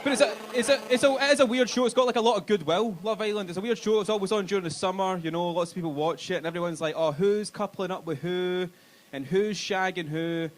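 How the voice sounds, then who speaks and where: A man's voice: high-pitched, racing, few pauses, a little hiss or hum. A young Glaswegian man doing stand-up in a comedy club, crude and self-mocking, working the crowd. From Scotland.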